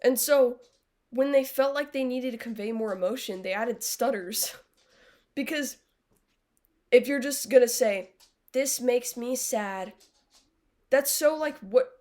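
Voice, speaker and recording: A young woman with a fairly high voice chats casually on a live stream. She is blunt and sarcastic, and she swears freely. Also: unhurried, darkish tone. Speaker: livestreamer. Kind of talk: casual chat with viewers.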